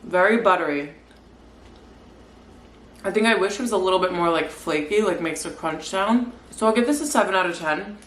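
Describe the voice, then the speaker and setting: A woman's voice: on the low side, normal speed, long pauses, a bit bright. A woman in her twenties chatting casually in a home vlog, upbeat and full of "like" fillers. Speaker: lifestyle vlogger. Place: apartment at home. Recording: echoey room, faint background noise.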